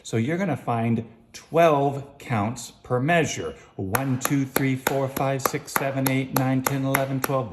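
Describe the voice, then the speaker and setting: A man's voice: medium pitch, steady tone, takes it slowly, hardly any pauses, heavy background noise. A man giving a casual music lesson, explaining time signatures, counting beats aloud and singing short snippets. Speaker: music teacher.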